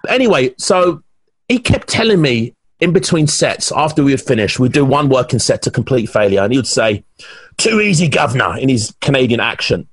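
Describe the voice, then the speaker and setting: Animated English bodybuilder telling stories. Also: male voice, mid-range voice, fairly quick, husky, dry recording. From England. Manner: animated storyteller, many restarts. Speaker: guest, pro bodybuilder. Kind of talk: casual podcast interview.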